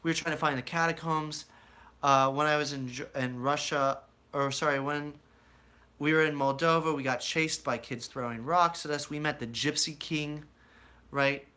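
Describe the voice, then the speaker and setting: A man's voice: a little high, moderate pace, clean tone. A young American man casually telling a rambling life story to his viewers, acting out voices as he goes. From United States. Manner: rambling, animated storyteller who acts out quoted voices. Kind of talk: casual storytelling to a live chat.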